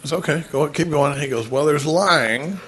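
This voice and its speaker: A man's voice: a little high, brisk, fairly bright tone. A middle-aged man speaking at a recovery meeting, telling stories with quoted dialogue and laughing often.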